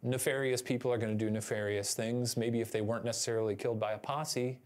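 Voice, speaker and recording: A man co-hosting a show, narrating a story to his co-host in a playful, animated way. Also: mid-range voice, quick pace. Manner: animated and playful, with sudden exclamations. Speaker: co-host presenting a theory.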